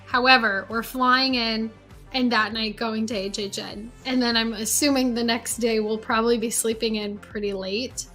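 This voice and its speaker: A woman with a somewhat high voice co-hosts a relaxed chat. She talks in an easygoing, chatty way, and soft music plays faintly in the background. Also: moderate pace. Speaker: co-host. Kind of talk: casual podcast chat.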